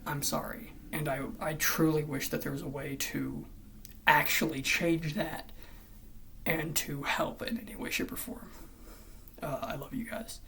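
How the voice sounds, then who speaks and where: A vlogger ranting in commentary style, swearing often and swinging between loud outbursts and hushed near-whispers. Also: medium pitch, little pitch movement, measured pace, gravelly, a little hiss or hum.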